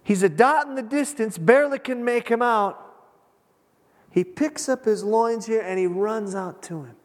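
A man preaching a sermon, retelling a scripture story with dramatic pauses and emphasis. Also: high voice. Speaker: pastor. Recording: long hall reverb.

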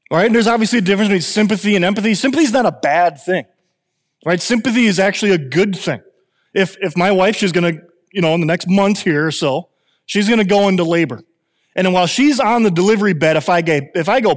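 A man in his thirties gives a lively, conversational sermon, circling back and repeating phrases as he builds his point. His voice sits a little high for a man. The long reverb of a church hall trails after his words. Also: normal speed. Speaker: pastor.

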